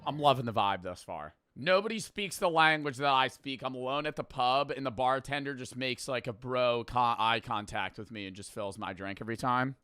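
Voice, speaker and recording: A man's voice: mid-range voice, normal speed, hardly any pauses, bright, forceful tone, clear, resonant tone, no echo, studio quality. A young man streaming, reacting with brash, profane, jokey commentary. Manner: brash, swears freely, jokey.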